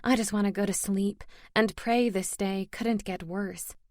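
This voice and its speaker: A woman's voice: medium pitch, steady tone, measured pace, a little mellow, no echo, studio quality. A woman reading a first-person fantasy romance audiobook expressively, lifting her voice for dialogue. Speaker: audiobook narrator.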